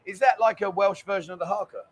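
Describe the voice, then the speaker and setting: High-voiced fast-talking london guy, hungover, cracking jokes on a live show. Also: slightly rough. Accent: London English. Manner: jokey banter, quick and chatty. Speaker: co-host of a livestream. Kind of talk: casual chat, reading viewer comments.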